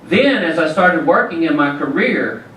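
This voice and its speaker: With a somewhat high, fairly bright voice, lively intonation, and normal speed, a Southern US man tells folksy stories as the featured speaker in a large indoor hall. He jokes and speaks directly to the crowd. Heard from a distance in the echoing hall, the audio carries slight background noise.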